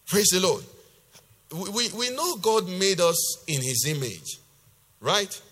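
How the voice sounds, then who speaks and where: Forceful pastor in a reverberant hall. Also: male voice, big pitch swings, slow. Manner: reads scripture loudly and forcefully, then explains in a lower conversational voice. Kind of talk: sermon with scripture reading. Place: church hall. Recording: long reverb of a church hall.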